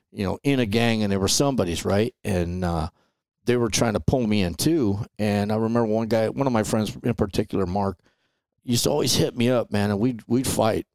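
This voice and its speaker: Middle-aged man, from Los Angeles, low gravelly voice, casual animated storytelling, dry close sound. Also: no room sound. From Los Angeles, USA. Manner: animated storyteller, peppers talk with "man" and "right?". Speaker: podcast guest.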